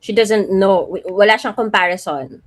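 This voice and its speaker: A woman's voice: mid-range voice, moderate pace, no echo. A woman co-hosting a podcast, mostly giving brief agreeing replies in mixed English and Tagalog. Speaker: podcast co-host. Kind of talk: casual chat.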